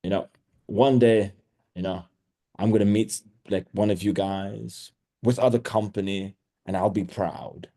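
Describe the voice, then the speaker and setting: A man's voice: on the low side, fairly even intonation, measured pace, dark tone. A man running an online sales training call, blunt, with crude teasing humor.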